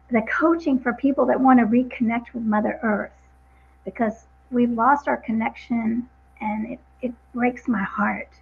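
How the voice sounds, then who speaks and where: Gravelly woman coach on a muffled line. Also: fairly high pitch. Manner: earnest and motivational, slow emphatic phrases. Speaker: guest, vegan empowerment coach. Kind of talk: interview guest.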